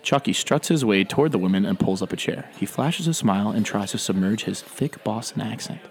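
A man's voice: lowish voice, brisk. A man co-hosting a casual podcast, chatting playfully and reading stage directions aloud. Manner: laughs often, lively and playful. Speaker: podcast co-host.

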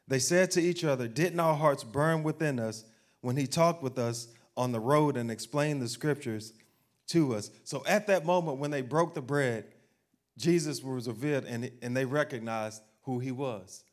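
Conversational preacher with a lively delivery. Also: male voice, medium pitch. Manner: conversational preacher, asking the crowd questions and acting out everyday voices. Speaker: pastor. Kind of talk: sermon.

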